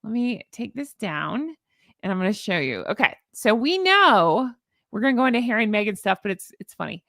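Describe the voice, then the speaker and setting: A woman's voice: medium pitch, very animated, fairly quick, creaky, a bit bright, dry recording, studio quality. A woman hosting her own channel, chatting sarcastically and laughing often as she shows viewers her joke pictures. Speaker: host. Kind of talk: casual commentary vlog.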